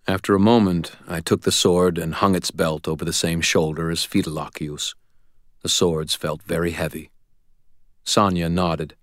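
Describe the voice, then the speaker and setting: A man reading a first-person audiobook in an even, understated manner. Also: low voice, unhurried, no echo, studio quality. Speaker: audiobook narrator.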